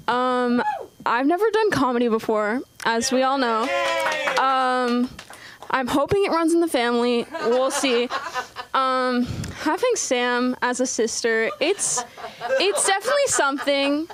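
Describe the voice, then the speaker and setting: High-voiced young woman rambling on stage. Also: animated, slow pace, pauses often, a crowd in the background. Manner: nervous rambling with many ums and likes. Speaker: first-time stand-up comic. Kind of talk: open-mic stand-up set. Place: comedy club stage. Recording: live club audience noise.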